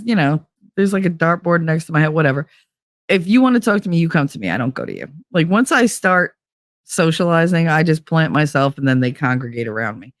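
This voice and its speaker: A woman hosting a podcast, telling a bawdy story in a casual, animated, profane way and acting out what others said. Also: low-pitched, no echo, clean studio sound. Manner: profane, animated, acts out quoted dialogue. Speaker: podcast host.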